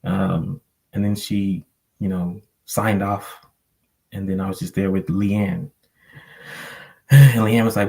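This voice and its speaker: A low-voiced man speaks on a live online panel, his tone gravelly and fairly flat. He tells a personal story in a reflective, rambling way, full of fillers and restarts. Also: takes it slowly, pauses often, low-quality recording. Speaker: panel guest. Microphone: online call microphone.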